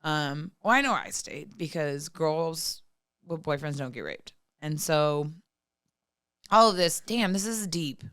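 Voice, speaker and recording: Woman, 30s, low voice, smooth and clear, dry close sound, frank casual chat, profane. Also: expressive, takes it slowly, fairly bright tone, no room sound. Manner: frank, profane, many "like" fillers. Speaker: podcast guest.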